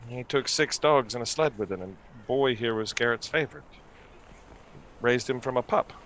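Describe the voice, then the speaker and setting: A man voicing a grieving, halting husband. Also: medium pitch, fairly bright tone, slight background noise, lightly acted. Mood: worried, grieving. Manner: halting, stammering. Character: grieving worried man, humble craftsman husband. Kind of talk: tabletop game character voice.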